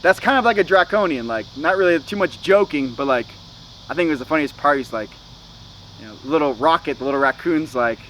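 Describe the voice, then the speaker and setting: A man's voice: on the high side, expressive, a little fast, fairly bright tone, a little hiss or hum, low-quality recording. A man vlogging a casual spiritual talk to his viewers, rambling with lots of "you know" and "okay?".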